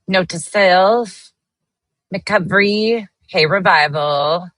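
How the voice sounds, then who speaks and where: A woman's voice: on the low side, very slow, fairly bright tone, dry recording. A woman hosting a casual livestream, greeting viewers by name as she reads the chat and speaking bluntly, with the occasional swear. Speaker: livestream host.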